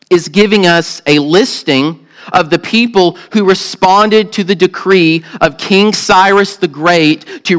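Southern guy pastor, smooth clear voice, kinda high, preaching like he's just talking to you. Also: fairly bright tone, poor audio. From Southern United States. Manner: earnest, conversational preaching with rhetorical questions. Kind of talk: sermon with opening prayer.

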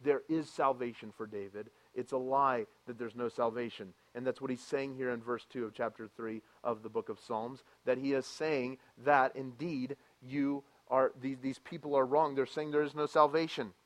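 A man preaching a sermon as a pastor, reading scripture aloud and moving from quiet reflection to loud, impassioned preaching. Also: medium pitch, steady tone, normal speed, few pauses. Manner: reads scripture aloud with emphasis.

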